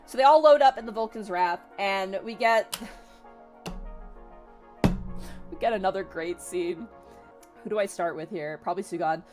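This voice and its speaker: A young woman streamer casually retelling a story, animated and full of filler words and swearing. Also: mid-range voice, unhurried, pauses often, over music.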